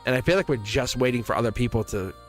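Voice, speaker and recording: A man's voice: mid-range voice, expressive, fast talker, soft background music. A man giving a live tarot reading, talking in an earnest, reassuring way with many restarts and asides. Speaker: tarot reader.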